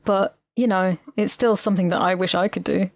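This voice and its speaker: A woman's voice: mid-range voice, fairly even intonation, brisk, no room sound. British woman podcast host, blunt and jokey, swears a lot, dry close mic. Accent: British English. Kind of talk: casual film chat.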